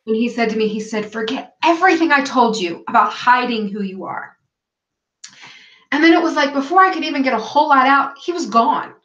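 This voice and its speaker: A woman guest in a casual interview, telling a personal story in an animated way and acting out what others said. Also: high-pitched, brisk. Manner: animated storytelling, acts out quoted voices. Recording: echoey, dull lo-fi call audio.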